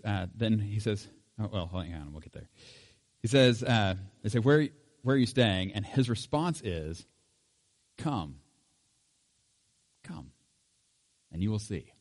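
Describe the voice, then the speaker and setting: A man's voice: lowish voice, lively intonation, moderate pace, darkish tone. A middle-aged man giving an informal Bible teaching in a conversational way, with chuckles and fillers.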